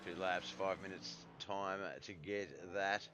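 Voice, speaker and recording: An Australian man gives relaxed, rambling commentary on a live simulated truck race, with lots of fillers and self-corrections. His deep voice is starting to give out, and he takes his time. Noise can be heard in the background.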